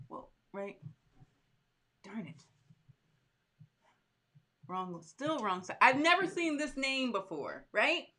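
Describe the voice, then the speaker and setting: A woman's voice: medium pitch, a bit bright. A woman who makes soap, hosting a live stream in an upbeat, chatty way and greeting viewers by name. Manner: chatty, upbeat, talks straight to her audience.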